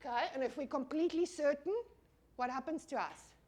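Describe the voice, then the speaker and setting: Speaking fairly quickly in a high, bright voice, a middle-aged woman lectures her class with plenty of animation. She addresses the room head-on, peppering listeners with questions and tossing in casual profanity.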